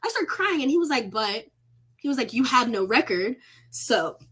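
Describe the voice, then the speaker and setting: A young woman recounts an ordeal in a bright, forceful voice. She sounds shaken and on the edge of tears, and she speaks candidly with plenty of swearing. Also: on the high side, very animated, moderate pace, husky. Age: young adult. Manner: emotional, candid, swears freely, on the verge of tears. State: shaken, close to crying. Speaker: college student telling her story. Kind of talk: casual livestream storytelling.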